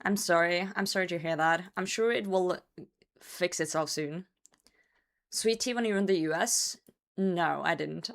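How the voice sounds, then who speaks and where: Hoarse woman streamer chatting casually. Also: on the low side, unhurried. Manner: loose and chatty, swears, reads chat aloud and laughs. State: voice worn out from a cold. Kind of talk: casual livestream chat.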